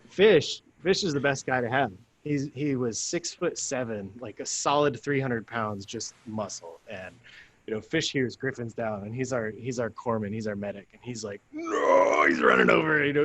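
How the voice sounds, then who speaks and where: A man, a guest on a talk show, telling a story casually. He talks in an animated way, laughs often and acts out the lines of people in his story. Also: mid-range voice.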